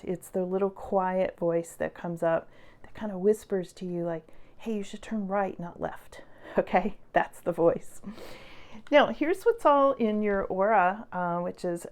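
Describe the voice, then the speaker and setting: A woman at a middle pitch reads tarot cards for her viewers in a loose, conversational way. She is upbeat and encouraging, scattering "um" and "like" through her talk and laughing softly now and then. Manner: chatty and encouraging, with many fillers and soft laughs. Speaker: tarot reader. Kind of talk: casual tarot reading to viewers.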